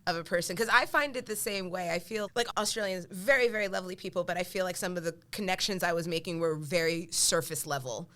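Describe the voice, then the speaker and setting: American woman, podcast co-host, bright forceful voice, chatty. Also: fairly low pitch, fast talker, few pauses. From United States. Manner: chatty, encouraging, asks questions. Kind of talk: casual podcast chat.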